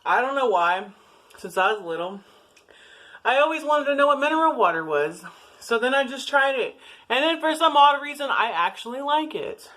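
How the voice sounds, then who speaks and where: A woman's voice: high-pitched, lively intonation, normal speed, a bit bright, poor audio. A woman vlogging casually to camera from her home, chatty, giggly and rambling. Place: at home, indoors.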